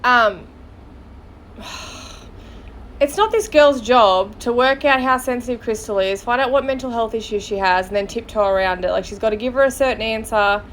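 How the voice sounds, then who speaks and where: Sarcastic woman podcast host, blunt and mocking; fairly high voice, faint noise behind. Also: normal speed, a bit bright. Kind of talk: casual commentary.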